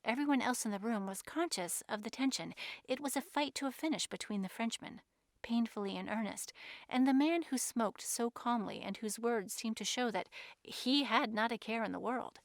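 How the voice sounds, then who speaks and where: Woman narrator, measured novel reading, higher voice with a creaky edge. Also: no room sound, studio quality. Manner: measured storytelling. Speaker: reader.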